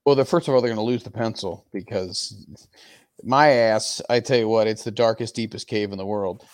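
A man's voice: fairly low pitch, normal speed. A man hosting a casual chat, making wry, crude asides. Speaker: host.

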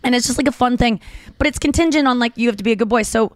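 A woman in her thirties co-hosting a podcast, telling animated stories in casual chat with lots of restarts and fillers. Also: on the high side, rapid-fire, dry recording. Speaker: podcast co-host.

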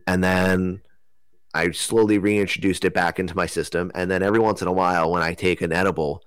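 A young man from New Jersey telling a rambling, animated story in casual conversation, loose with slang and swearing. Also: low-pitched, brisk, smooth, no echo.

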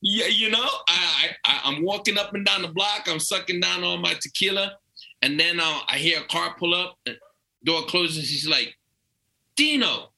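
Comedian guest, New York accent; bright, lively, acts out every quote. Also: male voice, high-pitched, normal speed, creaky, poor audio. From Brooklyn/Long Island, New York. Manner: animated, acts out quoted voices. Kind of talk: casual storytelling.

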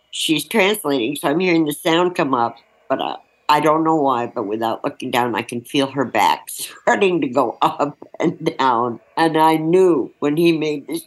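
A woman's voice: extremely low pitch, low-quality recording. A woman journalist telling a field story frankly in an interview, laughing now and then as she speaks. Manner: breaks into laughter while recounting, vivid and frank. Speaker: journalist recalling a field assignment.

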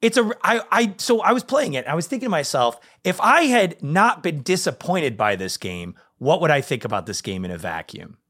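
A man co-hosting a casual gaming chat show, excitable and rambling, his voice leaping up when he gets animated. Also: on the high side, moderate pace, hardly any pauses. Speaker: podcast co-host.

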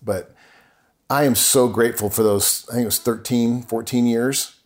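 A man's voice: mid-range voice, fairly even intonation, moderate pace. A middle-aged man talking as a podcast guest, telling a personal story earnestly and acting out remembered conversations. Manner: earnest, acts out remembered dialogue.

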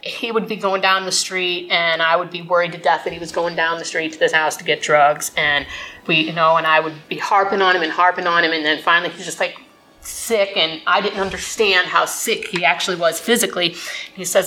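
Woman in her thirties, candid rambling recovery story, lowish pitch, faint background noise. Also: steady tone, moderate pace, sharp tone, low-quality recording. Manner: candid, rambling, frequent fillers and restarts.

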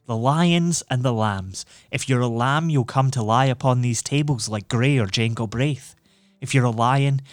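A man doing a calm, cynical schemer. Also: medium pitch, dry recording, studio quality, close to an everyday voice. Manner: calm, smooth, lecturing. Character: cool, persuasive male schemer, cynical. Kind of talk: audiobook reading.

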